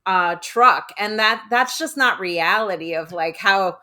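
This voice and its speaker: A woman's voice: mid-range voice, unhurried, pushed and bright. A woman who is a podcast guest, chatting casually about a film with lots of fillers.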